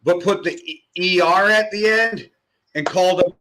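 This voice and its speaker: Bright-voiced man telling a story. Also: fairly high pitch, normal speed. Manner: storytelling, playful. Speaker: podcast co-host. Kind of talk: casual music chat.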